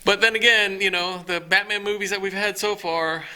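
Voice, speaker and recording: Bright-toned man rambling in casual chat. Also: sits high, fairly even intonation. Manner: rambling, halting with many restarts. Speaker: podcast co-host.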